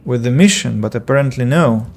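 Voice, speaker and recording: With soft music in the background, a man talks fairly quickly in a medium-pitched, slightly mellow voice. He streams a game and chats casually, an English teacher whose rambling let's-play commentary is full of fillers, self-corrections, and spoken replies to viewers.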